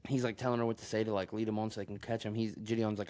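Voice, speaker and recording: A man's voice: lowish voice, flat delivery, very fast, a little mellow. A man recorded on a phone, rambling through a crude story in casual podcast chat and laughing often. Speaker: podcast co-host.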